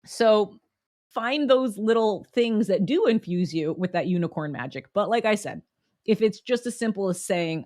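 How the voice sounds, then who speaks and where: A woman's voice: medium pitch, animated, moderate pace, darkish tone, no echo, studio quality. A young woman hosting a solo motivational podcast, upbeat and chatty, encouraging her listeners and often breaking into laughs. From United States. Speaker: podcast host.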